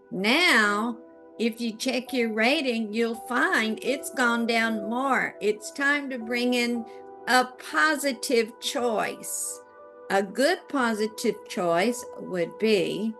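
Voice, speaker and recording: A woman leading a guided tapping session, giving calm instructions and repeating affirmations with soft music behind her. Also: a little high. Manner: slow, directive coaching with spoken affirmations.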